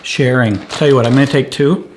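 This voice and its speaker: A man's voice: medium pitch, fairly even intonation, a little fast, a little hiss or hum. Joking middle-aged man vlogging. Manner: joking, playful. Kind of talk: casual chat. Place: outdoors.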